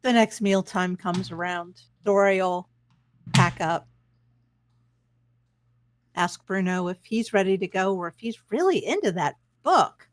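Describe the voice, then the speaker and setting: A woman describes her character's moves in a tabletop game, easygoing and matter-of-fact. Her voice sits at a middle pitch, with a dry, close sound. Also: animated, measured pace, pauses often, no room sound. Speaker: player. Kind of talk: tabletop role-play.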